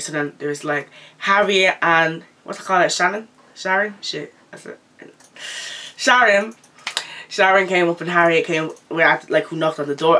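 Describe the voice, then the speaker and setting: A young woman telling a story in a casual vlog, animated and profane, acting out the people in high voices. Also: recorded from a distance.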